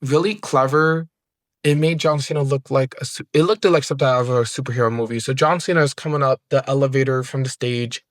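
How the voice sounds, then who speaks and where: A man giving an excited, rambling recap of a wrestling event, filling it with "like" as he goes. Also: medium pitch, brisk. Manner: excited, rambling play-by-play with many "like"s. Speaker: wrestling reviewer. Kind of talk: casual recap.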